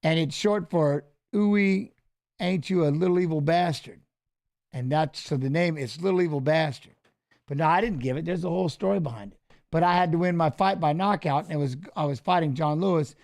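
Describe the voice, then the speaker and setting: A middle-aged former fighter hosting a casual live stream, rambling through stories and swearing freely. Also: male voice, a little high, fairly quick, vocal fry, darkish tone. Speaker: show host and former fighter.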